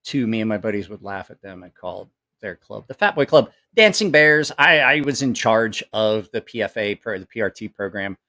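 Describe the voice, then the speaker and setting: A man's voice: on the low side, normal speed. A middle-aged man chatting casually to a live audience from home, telling rambling stories with lots of swearing and laughter. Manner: profane, laughing, animated storyteller. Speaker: livestream host. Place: at home, family nearby.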